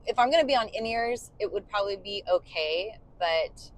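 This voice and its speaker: In a car on the move, a woman who co-hosts a podcast and fronts a band as singer chats casually with lots of fillers and sings short demo snippets. Her medium-pitched voice is animated and moves at normal speed. The low-quality recording carries a little hiss or hum.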